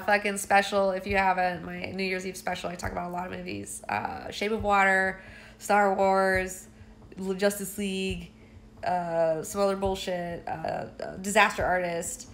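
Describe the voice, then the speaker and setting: A woman's voice: mid-range voice, flat delivery, unhurried, a bit bright. A woman talking casually to her viewers from home late at night, rambling and swearing, her sentences full of "like" fillers. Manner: rambling, profane, with many "like" fillers. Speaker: content creator.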